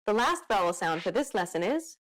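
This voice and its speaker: A woman narrating a pronunciation lesson in a clear, explanatory scripted style. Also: medium pitch, big pitch swings, brisk, a bit bright.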